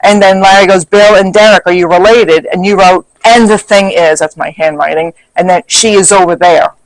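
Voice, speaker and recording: A man's voice: high-pitched, fairly even intonation, normal speed, dry recording, rough recording. A man casually recapping a paranormal investigation, reading back notes and quoting what others said.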